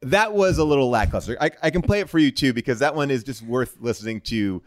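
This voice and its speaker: A man, a comedian guest on a podcast, talking in a wry, animated way. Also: medium pitch, quick pace, no echo, clean studio sound. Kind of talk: casual comedy podcast chat.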